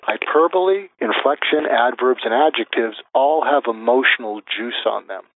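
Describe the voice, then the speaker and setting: A man being interviewed as a guest expert, calmly laying out a method step by step and acting out example phrases. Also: mid-range voice, moderate pace, no room sound. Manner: methodical, lists numbered steps, acts out example phrases. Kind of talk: interview answers, explaining step by step. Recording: tinny phone-like line, dry.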